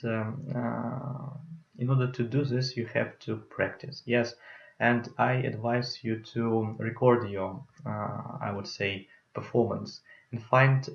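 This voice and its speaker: A young student with a Russian accent and a creaky, mid-range voice gives a hesitant conference talk about public speaking, filling it with fillers. The recording is lo-fi, roomy and muffled.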